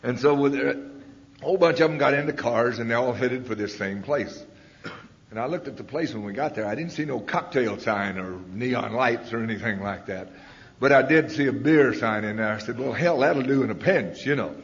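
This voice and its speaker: A man's voice: medium pitch, moderate pace. Rambling man telling his story in a hall. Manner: folksy, rambling, acts out voices loudly. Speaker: recovering alcoholic speaker. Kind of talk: storytelling talk at a recovery meeting. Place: hall at a recovery roundup. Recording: dull lo-fi tape in a hall.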